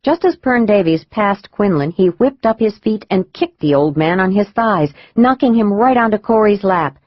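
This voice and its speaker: A woman narrating a thriller audiobook in a measured, even storytelling manner. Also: medium pitch, dry recording, lo-fi sound.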